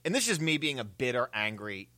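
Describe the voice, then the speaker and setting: A man's voice: mid-range voice, very animated, brisk, bright, forceful tone, no room sound. A man co-hosting a sports radio show, self-mocking and laughing often as he stammers through his points. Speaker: radio co-host. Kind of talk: casual radio banter.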